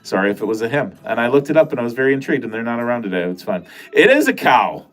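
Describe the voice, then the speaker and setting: A man from Wisconsin hosts a livestream, rambling casually with viewers and swearing now and then. He has a nasal voice and a Wisconsin accent, and he talks very fast in a mid-range voice.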